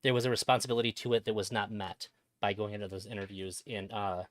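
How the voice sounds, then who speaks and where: A man's voice: on the low side, flat delivery, fast talker, no echo. Earnest man reasoning on a dry mic. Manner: earnest, reasoning at length with fillers. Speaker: guest. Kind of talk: casual discussion.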